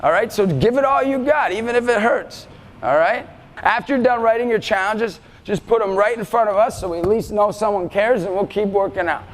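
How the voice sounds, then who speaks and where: A male motivational speaker giving an energetic talk to students, often shouting to rally them. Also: high voice, a little fast. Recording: reverberant hall, faint music behind.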